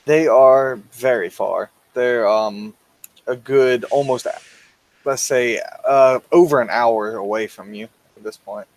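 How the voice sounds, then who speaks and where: A man's voice: medium pitch, slow pace. Man, game master, hesitant, filler-heavy, tabletop narration.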